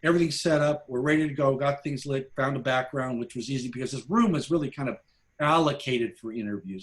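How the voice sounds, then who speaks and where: A man, a documentary filmmaker, casually telling behind-the-scenes stories to a class, animated and full of restarts. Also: medium pitch. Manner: animated anecdotes, acts out quoted voices, frequent restarts. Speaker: documentary filmmaker, guest speaker.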